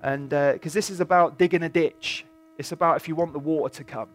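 A man's voice: fairly high pitch, fairly even intonation, a little fast. A man leading a church service, informal and encouraging as he addresses the congregation. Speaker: church leader. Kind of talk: preaching to a congregation.

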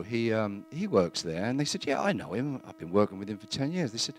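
A man giving a plain-spoken, earnest testimony in church, halting now and then with fillers. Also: medium pitch, very animated, faint music behind.

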